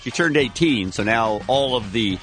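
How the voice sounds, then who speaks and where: A man's voice: medium pitch, expressive, normal speed, fairly bright tone, faint music behind. A man co-hosting a morning radio show, chatting wryly and easygoing with callers and co-hosts.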